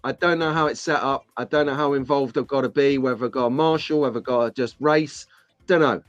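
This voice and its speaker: A man's voice: medium pitch, fairly quick, dry recording, dull audio. A man hosting a live stream, chatting casually and jokily with viewers in the chat. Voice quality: chatty, jokey, rambling. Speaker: host of a live slot car stream.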